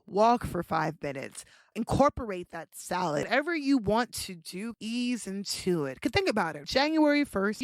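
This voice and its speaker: A woman's voice: medium pitch, dry recording. Lady doing her podcast solo, bouncy swoopy voice, cussing and laughing, dry close mic. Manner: brash, playful, swears freely, laughs often. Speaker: podcast host.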